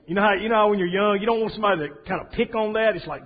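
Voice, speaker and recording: A middle-aged man preaching a sermon, speaking softly and haltingly with many fillers and restarts. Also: high voice. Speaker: pastor. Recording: dull lo-fi recording.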